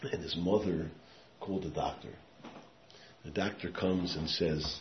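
Speaking unhurriedly in a steady tone, this man has a very low voice and gives a sermon woven from stories, peppered with Yiddish and Hebrew. He sinks to near-whispers, then breaks into loud, forceful bursts. The rabbi's talk was captured in an echoey room, sounding muffled with faint background hiss.

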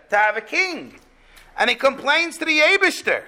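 A man giving an animated Torah class, explaining a verse step by step and acting out what the people in it say. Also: very high-pitched, normal speed. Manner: animated, acts out quotes. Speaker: Torah teacher.

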